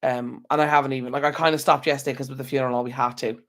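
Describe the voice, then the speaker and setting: This Irish-accented man talks at a racing clip, his medium-pitched voice level in tone and a bit bright. He's hosting a casual stream from home through an external microphone, yawning and weary yet chatty as he rambles on to his viewers.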